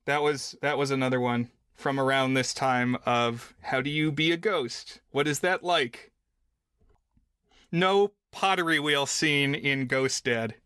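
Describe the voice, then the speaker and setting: A man's voice: medium pitch, measured pace, bright, forceful tone, clean tone, no room sound, studio quality. A man co-hosting a film podcast, casually walking through a movie's plot and rules at length. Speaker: podcast co-host.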